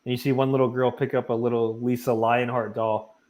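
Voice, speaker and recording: A man co-hosting a podcast in casual chat, retelling scenes with animated laughter. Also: mid-range voice, brisk. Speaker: podcast co-host.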